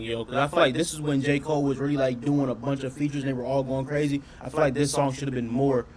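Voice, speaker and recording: A man doing casual reaction commentary on his channel, talking in an animated, profane way and often questioning his audience. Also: medium pitch, slight background noise. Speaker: reaction streamer.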